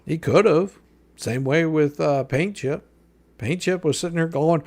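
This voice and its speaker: A man streaming live reads a legal filing aloud, answering each point with profane, sarcastic mockery. His voice sits on the high side, with a darkish tone and an unhurried pace.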